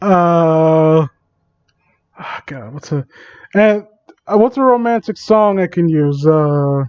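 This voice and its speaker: A man's voice: high voice, animated, takes it slowly, darkish tone, smooth, dry recording. A man reading fan fiction aloud for comedy, stumbling over words and rambling in asides, on a dull lo-fi mic.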